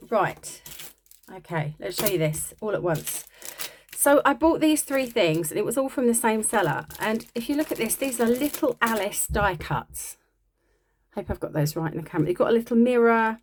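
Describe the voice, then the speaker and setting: In a casual show-and-tell, a woman who vlogs about crafting chats about her haul of craft supplies, wandering off topic a bit and poking fun at herself. Her fairly high voice is expressive and moderately paced. A little hiss or hum can be heard.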